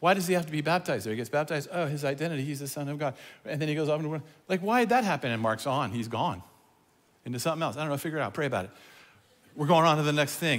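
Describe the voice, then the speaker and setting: Male preacher, fairly high voice, big reverb-heavy church hall, animated delivery that swings loud to hushed. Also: very fast. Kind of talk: sermon. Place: church auditorium. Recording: long reverb of a large hall.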